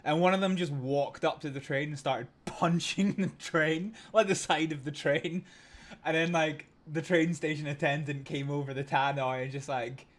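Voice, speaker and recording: A man's voice: fairly high pitch, fairly even intonation, moderate pace. Sweary Scottish man rambling over gameplay. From Scotland. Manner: rambling, sweary, laughs often, many fillers. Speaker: livestream host playing a train simulator. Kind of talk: casual gaming commentary with anecdotes.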